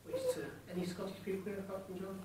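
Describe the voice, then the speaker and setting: A man's voice: sits high, huge pitch swings, racing, darkish tone. Joking man in an echoey hall. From England. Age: 40s. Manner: cheeky, jokey, teases the audience. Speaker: ghost tour guide and medium. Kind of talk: joking storytelling to a live group. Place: large indoor hall in an old fort. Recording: echoey, distant room with faint noise.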